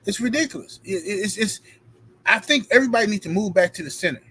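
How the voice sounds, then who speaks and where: High-voiced animated male streamer. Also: fast talker, breathy edge, poor audio. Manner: animated, reads out super chats and thanks donors; emphatic, playful street talk. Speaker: live stream host. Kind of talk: casual live-stream commentary.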